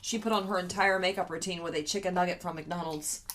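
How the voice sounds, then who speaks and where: A woman's voice: on the low side, fairly even intonation, fast talker, fairly bright tone, slight background noise. A middle-aged woman chatting casually with her daughter while doing makeup, teasing and laughing often. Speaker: beauty vlogger, mother. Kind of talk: casual chat.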